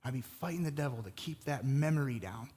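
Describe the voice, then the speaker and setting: A man preaching a sermon in a conversational, energetic way with casual fillers, speaking to a congregation. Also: mid-range voice, a little fast, husky, long reverb tail. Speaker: pastor.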